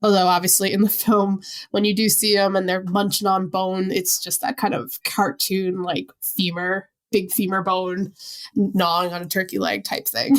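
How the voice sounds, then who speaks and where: A woman with a Long Island New York accent, co-hosting a casual podcast chat in an animated, chatty way. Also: mid-range voice, moderate pace. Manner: chatty, animated, laughs easily. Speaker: podcast co-host.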